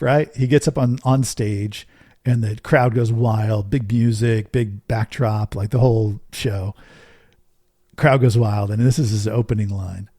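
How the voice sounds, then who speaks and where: A man's voice: mid-range voice, darkish tone, no echo, clean studio sound. A middle-aged man hosting a podcast, speaking earnestly in a casual monologue and telling stories, often tossing in a rhetorical "right?". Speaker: podcast host.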